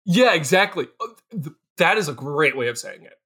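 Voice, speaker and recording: A young man co-hosting a movie podcast with a bright, forceful voice that leaps up and down in pitch. He talks in animated, profane bursts, restarting sentences and slipping into exaggerated quoted voices. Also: moderate pace, breathy edge. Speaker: podcast co-host. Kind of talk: casual movie review chat.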